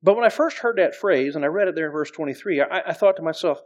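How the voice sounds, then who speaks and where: A man's voice: a little high, expressive, fast talker, few pauses. A middle-aged man preaching as pastor, conversational, with frequent restarts and scripture readings. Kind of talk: sermon.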